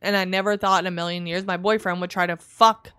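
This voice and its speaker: A woman telling a long personal story in casual podcast chat, profane and animated, full of likes. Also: lowish voice, quick pace, clear, resonant tone, no echo, studio quality.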